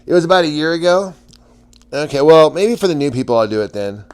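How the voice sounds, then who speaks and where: A man's voice: on the high side, animated, fast talker, darkish tone, clear, resonant tone. Rambling, stammering male livestream host. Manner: rambling, stammers and restarts, laughs often. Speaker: livestream host chatting with viewers. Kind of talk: casual livestream chat.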